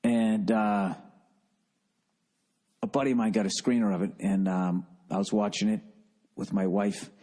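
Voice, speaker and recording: A middle-aged man with a Boston accent hosts a solo podcast, rambling in a profane, self-mocking, distracted way. His voice is low and dark with little pitch movement, at a measured pace with long pauses.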